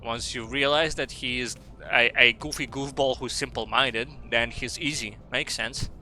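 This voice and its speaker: A man's voice: mid-range voice, steady tone, moderate pace, bright, forceful tone, faint music behind. A man with an Australian accent doing casual, rambling gaming commentary, reading game text aloud between asides. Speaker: streamer.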